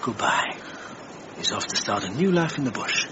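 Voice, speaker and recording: A man's voice: medium pitch, lively intonation, moderate pace, natural voice. A man acting a patient, reassuring animal rescuer in a radio drama. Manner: soothing, patient. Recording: dull lo-fi radio drama recording with clear background noise.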